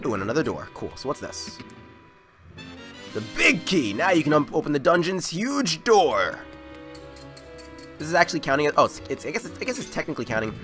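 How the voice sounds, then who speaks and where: A young adult host giving jokey, animated commentary over a video game playthrough, often talking back to the game. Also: mid-range voice, fairly quick, long pauses, soft background music. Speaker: let's play host.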